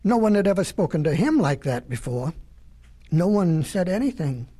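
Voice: medium pitch, big pitch swings, moderate pace, warm tone, slightly rough. A storyteller reading a children's animal tale in a folksy way, with chatty asides to the listener.

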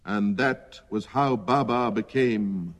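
A man narrating a children's storybook in an expressive reading voice. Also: fairly low pitch, slow, big-room sound. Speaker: storybook reader.

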